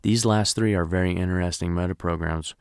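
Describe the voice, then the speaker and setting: A man's voice: low-pitched, steady tone, brisk, clear, resonant tone, no echo, clean studio sound. A man teaching a recorded training lecture, conversational and often checking in with "right?".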